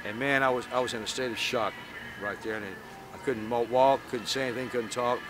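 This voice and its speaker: A man being interviewed, who recounts a memory haltingly with many restarts. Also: medium pitch, steady tone. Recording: loud background noise.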